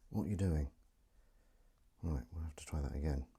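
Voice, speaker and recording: A deep, slightly husky man talks on his own stream, half to himself and half to his viewers. He rambles and mocks his own phrasing, chatty and unpolished. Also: mellow. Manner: rambling, self-mocking, talks to himself while setting up. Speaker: livestream host. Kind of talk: casual solo livestream chat.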